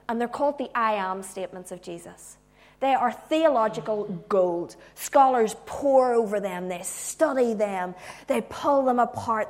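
A woman preacher giving a sermon with humorous asides, moving from loud emphasis to hushed tones. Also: a little high.

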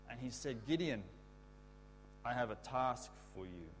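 A man giving a children's talk in church, explaining a word and leading the kids in call-and-response shouts. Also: medium pitch, expressive, unhurried, slight background noise. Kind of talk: children's sermon.

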